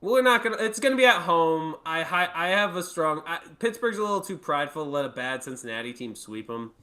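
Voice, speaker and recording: A man's voice: a little high, animated, a little fast, bright, forceful tone. A man hosting a casual sports talk show, rambling and bantering with sarcasm. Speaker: host.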